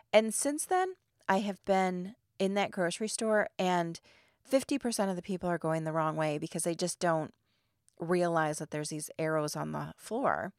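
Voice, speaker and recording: A middle-aged woman tells stories on her podcast, animated and exasperated, leaning on "like" and "um". Her voice has a gravelly, fry-tinged texture. She is recorded close on a mic in a dry, dead room. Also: lowish voice, no echo. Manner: animated, exasperated retelling with many fillers. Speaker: podcast host. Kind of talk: casual storytelling monologue.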